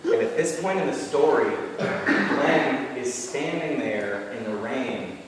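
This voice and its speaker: A male comedian retelling a novel on stage, sarcastic and laughing as he goes, sometimes mumbling and sometimes shouting. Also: medium pitch, expressive, slow, very echoey, in a large hall, recorded from a distance, a little hiss or hum, low-quality recording. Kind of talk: stand-up storytelling.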